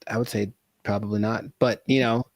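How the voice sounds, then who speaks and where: A man's voice: on the low side, fairly even intonation, a little fast, no room sound. A man co-hosting a podcast who wanders through his thoughts with a wry, amused edge. He talks in an easy, unpolished way. His voice comes across dry, with no room sound around it. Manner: rambling, wry and easily amused. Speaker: podcast co-host. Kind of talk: casual chat.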